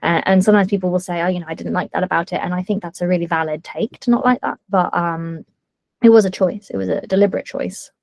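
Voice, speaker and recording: A woman author in a casual interview, telling stories in a lively way with quick asides and many fillers. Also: on the low side, creaky, dry recording.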